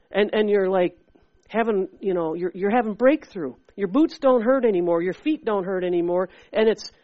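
Female preacher, chatty and animated sermon, higher voice, dry muffled sound. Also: no room sound. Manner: animated and conversational, acts out voices.

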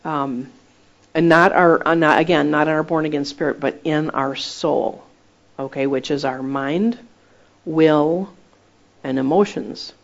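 Gravelly-voiced woman minister teaching informally. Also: deep voice, unhurried. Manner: lively, chatty, laughs at her own stories. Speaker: Christian minister teaching a group. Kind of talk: informal sermon with personal stories. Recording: dull lo-fi recording.

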